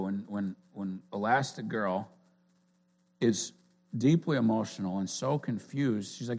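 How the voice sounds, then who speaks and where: A man's voice: fairly low pitch, a little slow, darkish tone. Man preaching in a chatty, earnest way. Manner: conversational, earnest, with frequent restarts. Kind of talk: informal sermon.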